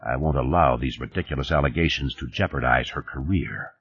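A man reading the part of a gruff, commanding male company boss who talks curtly and coarsely, in an audiobook. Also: a bass voice, fairly quick, a bit bright, a little hiss or hum, voice pushed down. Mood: irritated. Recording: dull, dry studio recording.

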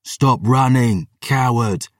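A man's voice: low-pitched, lively intonation, slow pace, no room sound, clean studio sound, full character voice. A man voicing a cruel, bitter young male lordling in an audiobook, with a taunting, sneering manner. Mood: roaring taunts.

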